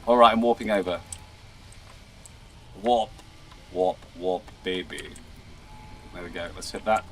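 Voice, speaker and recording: A man's voice: fairly low pitch, moderate pace, a bit bright, slight background noise. A playful man, chatting casually while live-streaming a game. He stammers, repeats words and laughs often. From England. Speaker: livestream host. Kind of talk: casual gaming livestream chat.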